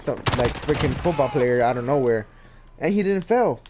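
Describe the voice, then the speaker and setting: A man's voice: mid-range voice, expressive, normal speed. A young man telling a casual story-time tale, rambling with many restarts and repeated words. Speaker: vlogger. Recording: noisy background.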